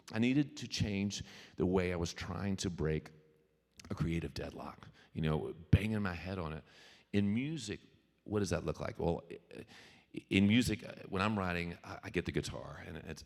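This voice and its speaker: A middle-aged man, a musician, telling an animated story to a live audience, stammering on restarts. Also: deep voice, vocal fry. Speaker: featured speaker and musician. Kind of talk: storytelling keynote talk. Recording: reverberant hall.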